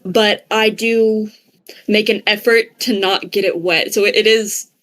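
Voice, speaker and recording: A woman plays a tabletop game and describes her character's actions in a hesitant way, restarting and saying "like" often. Her voice sits at a middle pitch. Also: fairly even intonation, a little slow, fairly bright tone. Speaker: player. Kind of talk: tabletop role-play.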